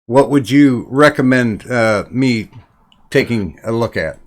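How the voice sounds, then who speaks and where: A man hosting a casual online chat, asking his guests questions in a halting, thoughtful way. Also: mid-range voice. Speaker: podcast host.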